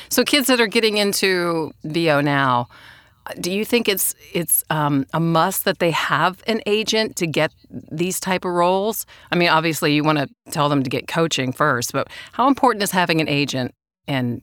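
Low-voiced woman asking halting questions. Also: expressive, a bit bright, no room sound. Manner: halting, restarts often. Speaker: podcast co-host. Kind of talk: interview questions.

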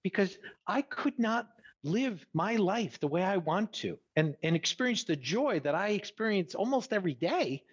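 Husky new york guy, kinda high voice, talks earnest and emphatic, dull lo-fi audio. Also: normal speed. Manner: earnest, emphatic, animated preaching tone. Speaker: guest. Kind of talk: casual podcast conversation.

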